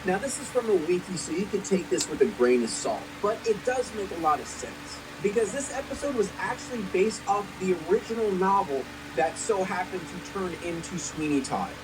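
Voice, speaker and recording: A woman delivers scripted video commentary with a lot of movement in her pitch. She talks expressively and casually, dropping the odd swear word. The recording has a clear hiss of noise running underneath. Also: lively intonation, fairly quick, few pauses. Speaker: cartoon commentary narrator.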